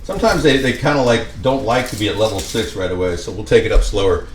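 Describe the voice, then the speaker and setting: A man's voice: lowish voice, quick pace, distant mic, noisy background. A man rambling and joking to viewers as he cooks in his home kitchen. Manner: rambling, jokey, talks to viewers while cooking. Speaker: home cooking vlogger. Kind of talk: rambling comedic cooking vlog. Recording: roomy, off-mic with faint ambience.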